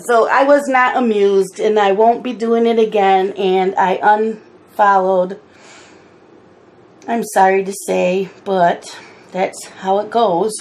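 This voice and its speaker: A middle-aged woman chatting casually while she colors, unhurried, with wry asides and a bout of hiccups. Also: medium pitch, fairly even intonation, darkish tone. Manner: chatty, slow and unhurried, mildly exasperated asides. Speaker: coloring channel host.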